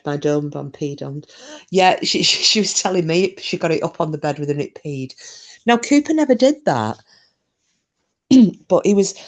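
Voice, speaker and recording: A woman chatting casually on a live stream, rambling through stories, answering comments and swearing mildly. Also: low-pitched.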